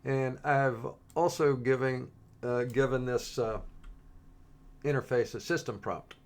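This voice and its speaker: A man presenting a coding tutorial in a relaxed, halting way, with frequent pauses and restarts as he works through the demo. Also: medium pitch. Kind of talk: screen-recorded coding tutorial.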